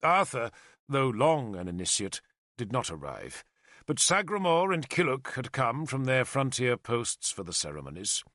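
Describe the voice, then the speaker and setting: A male audiobook narrator reads scripted narration with expressive storytelling. His mid-range voice moves at a moderate pace, and the studio recording is clean with no echo.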